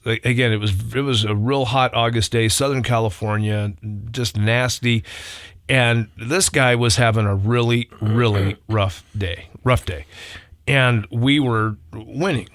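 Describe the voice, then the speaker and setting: A man co-hosting a Christian talk show, telling stories in a lively, laughing way. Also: lowish voice, dry recording, clean studio sound. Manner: animated storyteller, laughs often. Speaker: radio show co-host and baseball coach. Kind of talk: casual storytelling chat.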